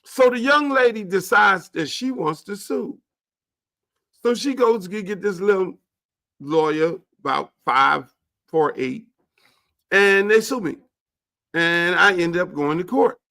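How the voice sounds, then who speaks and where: A man hosting his show, telling a story in a casual, animated, profane way. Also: high-pitched, a little slow, pauses often. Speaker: show host.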